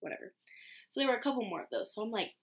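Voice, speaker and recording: A medical student in her twenties casually tells a story to the camera, chatty and loaded with fillers, poking fun at herself and laughing often. Her slightly high, slightly rough voice is animated and rapid-fire, recorded at home on a camera mic.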